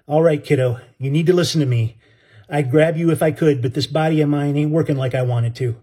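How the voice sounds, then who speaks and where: A man voicing a badly burned male sailor who gives gruff, croaking commands and urges on a younger man. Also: on the high side, fairly quick, mellow. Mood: commanding.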